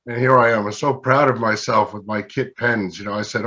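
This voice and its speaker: A man's voice: on the low side, steady tone, a little fast, bright, forceful tone, lo-fi sound. A man as an interview guest and pen maker, telling anecdotes in a casual, self-deprecating way and acting out what others said. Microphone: video call.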